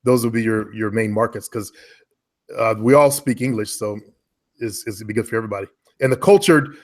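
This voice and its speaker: A man coaching a client in online marketing over a casual call from home, relaxed and rambling, often correcting himself. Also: on the low side, a little fast.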